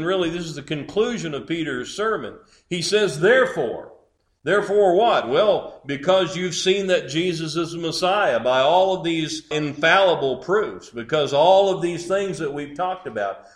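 A man's voice: fairly high pitch, reverberant. A man preaching a sermon, building emphasis through repeated phrases.

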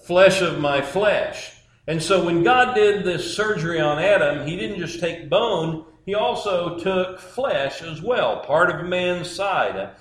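A man preaching a sermon in a measured, emphatic way, building points through repeated phrases. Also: sits high, expressive, a bit bright. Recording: echoey church room.

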